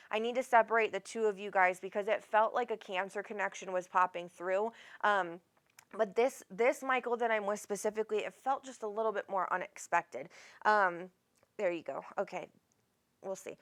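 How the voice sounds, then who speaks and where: A woman's voice: mid-range voice, normal speed, a bit bright. A woman psychic host who talks in a loose, rambling stream, breaking off mid-thought and restarting. She is affectionate with her caller, calling her honey, and drops the odd casual curse. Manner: rambling, self-interrupting, casual swearing. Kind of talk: live spirit reading.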